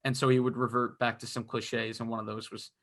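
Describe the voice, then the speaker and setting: A man's voice: mid-range voice, level tone, a little fast, a bit bright. A young man co-hosting a casual hockey podcast, talking through games in a rambling way full of fillers and restarts. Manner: rambling, filler-heavy analysis. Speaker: podcast co-host. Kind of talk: casual sports chat.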